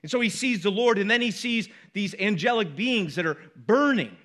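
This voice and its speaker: A middle-aged male pastor with a high, light voice delivers a sermon with emphatic repetition. He talks to his congregation conversationally, dropping in quick asides between his stronger points. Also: expressive, fairly bright tone. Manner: emphatic, repeats key words with rising force.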